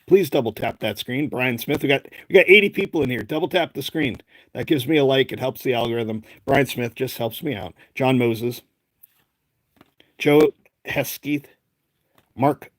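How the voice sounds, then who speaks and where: A mid-range male voice with a Boston accent, recorded with no room sound. He hosts a casual live stream opening card packs, chatting and rambling as he calls out one name after another.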